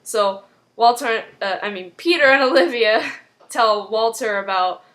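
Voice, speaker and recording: Woman, vlogger, casual recap, chatty, filler-heavy, slightly high pitch. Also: expressive, a little slow, fairly bright tone. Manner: chatty, heavy use of "like", acts out quotes.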